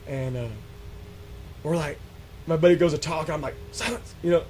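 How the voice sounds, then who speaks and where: A man's voice: a little high, normal speed. A man with a slightly raised voice tells a story casually and with animation, acting out what was said with plenty of fillers and restarts. A faint hiss of noise runs under the voice. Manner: animated, acts out quotes, many fillers and restarts. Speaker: guest telling an encounter story. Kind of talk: casual storytelling on a radio show.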